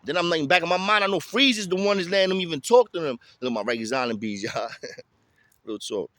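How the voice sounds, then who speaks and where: A man telling a story in casual street slang, lively and chatty. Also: fairly high pitch, fast, no echo. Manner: street slang, animated, tosses in "you feel me".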